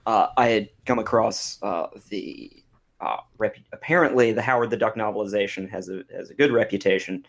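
Brief: man, gravelly fry in his voice, rambling and self-mocking. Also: lowish voice, brisk. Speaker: podcast co-host. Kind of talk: casual chat among friends.

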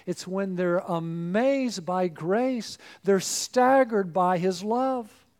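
Man, pastor, sermon, fairly high voice, earnest, fervent appeals. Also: a little mellow.

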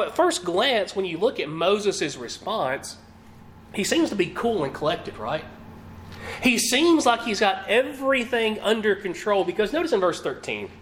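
Animated preacher man, lively pitch. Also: slight background noise. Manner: animated, asks listeners rhetorical questions; reads scripture aloud. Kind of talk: sermon.

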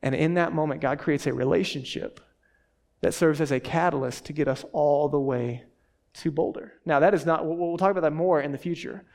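Brief: male pastor in his thirties from Texas, fast, animated preacher with a slightly raised pitch. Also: vocal fry. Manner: fast talking, animated storytelling. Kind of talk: sermon.

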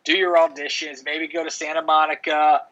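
A man's voice: fairly high pitch, level tone, moderate pace, pushed and bright. A middle-aged man chatting casually on a podcast, telling rambling stories full of restarts and "dude". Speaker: podcast co-host. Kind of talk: casual chat. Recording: dull lo-fi audio.

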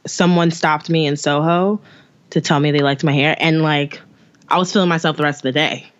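A woman co-hosting a casual chat, quick to react and agree, slangy. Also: low voice, steady tone, dull audio. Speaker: podcast co-host.

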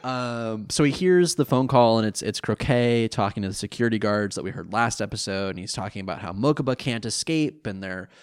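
A man's voice: on the low side, expressive, a little fast, few pauses, clean tone. A man in his thirties co-hosting a podcast in casual chat, rambling, self-deprecating and laughing often. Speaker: podcast co-host.

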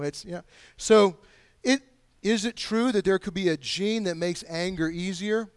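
A man preaching a sermon, pleading with his listeners and swinging between hushed, quiet stretches and loud, emphatic lines. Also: sits high, a little slow, clear, resonant tone, dry recording, clean studio sound. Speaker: pastor.

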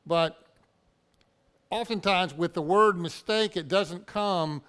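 A man's voice: high-pitched, slow pace, fairly bright tone, clear, resonant tone. A man preaching a sermon in a church, talking to the congregation in a plain, conversational way with everyday examples. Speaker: pastor.

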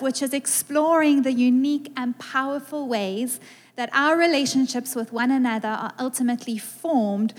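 A woman with a South African accent, a guest preacher giving a conversational, playful sermon to a congregation in a church. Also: sits high. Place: church sanctuary. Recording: reverberant church hall.

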